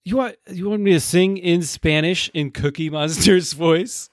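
A man's voice: sits high, unhurried, no room sound, studio quality. A man chatting casually on a podcast, laughing often and hesitant about his own attempts. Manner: laughing, self-deprecating, hesitant. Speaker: podcast co-host. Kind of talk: casual chat. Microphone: headphones, podcast mic.

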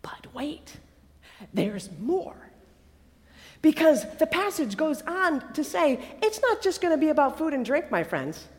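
Woman preacher, high voice, lively conversational sermon, echoing hall. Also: normal speed, few pauses. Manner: lively, conversational, acts out quotes. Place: chapel or hall.

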